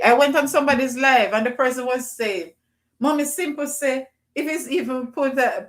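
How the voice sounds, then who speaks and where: A middle-aged woman with a Jamaican accent, hosting a casual livestream and shouting out names from the chat. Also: fairly low pitch. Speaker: livestream host. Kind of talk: casual live chat with viewers.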